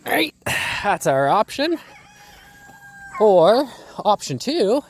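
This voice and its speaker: A man's voice: high voice, big pitch swings, extremely slow, slight background noise. A small-scale poultry farmer from Ontario ranting angrily and profanely into a phone while walking his farm, out of breath. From Ontario, Canada. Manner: heated, profane, rhetorical questions. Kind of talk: angry outdoor vlog rant. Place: outdoors on a farm among birds. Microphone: phone held one-handed. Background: faint farm ambience with ducks and fowl.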